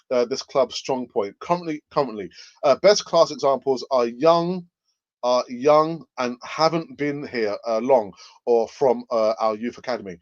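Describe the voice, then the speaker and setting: A man hosts a live fan stream and reads viewer comments aloud. He talks at a mid pitch in a rambling, hesitant way, restarting phrases and chuckling often. The audio is dull and lo-fi. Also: dry recording. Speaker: fan channel host.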